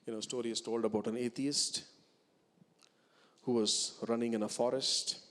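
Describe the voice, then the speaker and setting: A man with an Indian English accent preaching a sermon as a pastor, telling stories and rising to loud, emphatic peaks. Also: mid-range voice, steady tone, normal speed. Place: large church hall. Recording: reverberant church hall.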